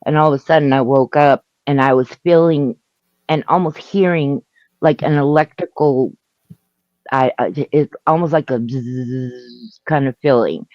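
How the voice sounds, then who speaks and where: A woman's voice: low-pitched, darkish tone, dry recording, lo-fi sound. Woman telling a story over a call. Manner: halting, laughing, restarting sentences. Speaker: guest storyteller. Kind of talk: casual storytelling on a live stream. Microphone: video call.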